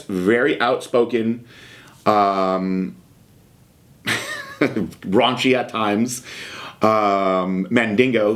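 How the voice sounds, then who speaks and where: A man in his thirties speaks in a fairly low voice, hosting a podcast. He tells his story frankly and casually, often pausing on fillers. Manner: frank, conversational, filler-heavy. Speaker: podcast host.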